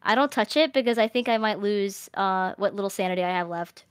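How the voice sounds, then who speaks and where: A young woman streamer chatting casually in a rambling, animated way, laughing often. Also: mid-range voice, a little fast, clear, resonant tone, no echo, clean studio sound. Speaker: streamer host. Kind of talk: casual chat.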